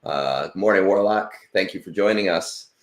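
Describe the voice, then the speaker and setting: A man's voice: low-pitched, normal speed, reverberant. A man in his late thirties hosting a casual livestream, rambling and self-deprecating, with lots of fillers. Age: 30s. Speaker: stream host.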